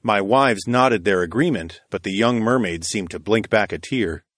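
Male narrator, low voice, steady storytelling, close dry read. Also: moderate pace, dry recording. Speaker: audiobook narrator. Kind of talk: first-person audiobook narration.

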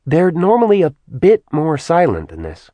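A man's voice: a little high, wildly swooping pitch, moderate pace, warm tone, dry recording, voice pushed up. A man voicing a weary young woman who tries to keep her unruly sisters in line. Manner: patient, warning.

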